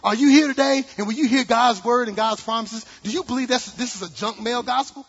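A man preaching a sermon with animated delivery, acting out quotes and jokes. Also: extremely high pitch, fairly quick, slightly rough. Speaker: pastor. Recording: dull sound in a large reverberant hall.

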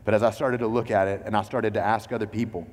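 A man's voice: on the low side, steady tone, fast talker, in a large hall. A man preaching a sermon as a pastor. He talks in a loose, conversational way, full of "like" and "you know".

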